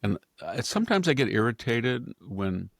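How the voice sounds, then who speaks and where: A man's voice: mid-range voice, very animated, moderate pace, gravelly, no room sound, studio quality. A man hosting an opinionated political commentary, digressing freely and chuckling as he editorializes. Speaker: host and commentator.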